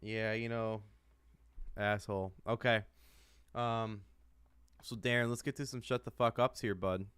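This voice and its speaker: On a dry recording, an American man speaks in a fairly low, clear, resonant voice that is a bit bright, keeping a steady tone and a measured pace with long pauses. As a podcast co-host, he goes on a heated sports rant full of swearing and repetition.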